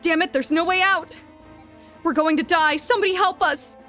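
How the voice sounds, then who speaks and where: A frightened young surgeon shouts in shrill, panicked bursts, played by a woman. His voice jumps up high with every cry. He sounds desperate for a way out. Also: steady tone, normal speed, soft background music.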